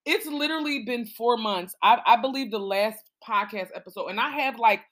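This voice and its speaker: A woman's voice: on the high side, normal speed, fairly bright tone. A woman in her thirties hosting a casual solo podcast, chatty and rambling, swearing freely and calling her listeners y'all. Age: 30s. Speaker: podcast host.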